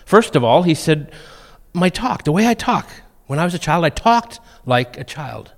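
A middle-aged man preaching a sermon, telling funny stories in a lively way. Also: fairly high pitch, normal speed, creaky. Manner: humorous storytelling, animated. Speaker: pastor. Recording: long reverb of a church hall.

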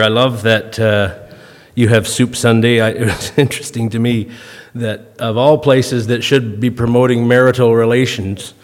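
A man in his fifties tells wry, self-mocking stories to a church crowd, with folksy comic timing. He clears his throat now and then, still getting over a cough. His voice rings out with a long hall reverb. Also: medium pitch. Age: 50s. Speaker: guest speaker. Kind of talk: humorous storytelling talk to a congregation.

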